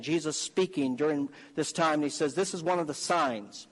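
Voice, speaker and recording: A man preaches a sermon in a high, ringing, breathy voice that rises into fervent, emphatic exhortation. He moves at a moderate pace with hardly any pauses. His words fade into long reverberation, as though he's in a large sanctuary.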